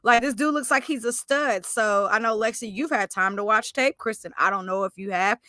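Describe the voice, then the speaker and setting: Bright, chatty woman co-host. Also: on the high side, brisk, dry recording. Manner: chatty, animated, self-correcting. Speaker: podcast co-host. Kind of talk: casual sports chat.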